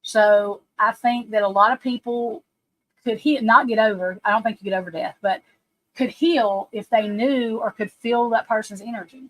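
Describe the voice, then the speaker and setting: A woman's voice: fairly high pitch, fairly even intonation, moderate pace, fairly bright tone, rough recording. A woman psychic card reader talking casually on a livestream, rambling and emphatic, speaking straight to her listeners.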